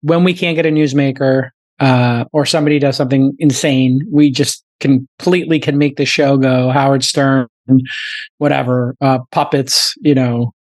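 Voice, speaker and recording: Brief: middle-aged male host, casual and animated, dry close mic. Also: medium pitch, normal speed, dry recording. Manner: animated, riffing, filler-heavy. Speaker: podcast host. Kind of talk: casual chat.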